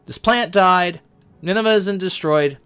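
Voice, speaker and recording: A man's voice: sits high, unhurried, fairly bright tone, clean tone, voice pushed up. A man voicing an exasperated, sulky male prophet who complains in slangy outbursts. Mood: fed up.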